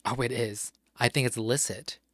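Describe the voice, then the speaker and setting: A gaming streamer talks to himself while solving crossword clues, spelling words one letter at a time, muttering, and sometimes cursing in mild frustration. His voice is mid-range and fairly bright, with fairly even intonation and a moderate pace. It is a dry recording.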